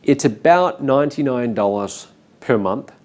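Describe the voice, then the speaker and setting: A man's voice: mid-range voice, measured pace. A man teaching an online masterclass, explaining steps plainly with some fillers. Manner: explanatory, steady, with frequent fillers. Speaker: course instructor. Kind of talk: webinar teaching.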